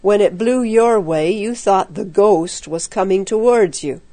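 Woman reading as a calm steady young man. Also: mid-range voice, a little slow, dry recording, close to an everyday voice. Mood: explaining. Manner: steady, reassuring, explanatory. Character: calm, confident young man, level-headed. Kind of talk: storybook reading.

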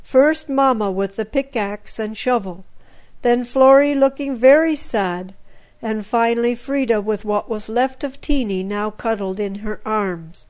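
A woman narrating a children's story in a gentle, measured way. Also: on the high side, low-quality recording.

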